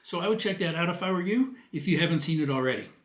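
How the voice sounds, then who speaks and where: A man's voice: fairly high pitch, expressive, quick pace, reverberant. A man giving parenting advice in a video monologue, earnest and plain-spoken as he explains. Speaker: parenting coach.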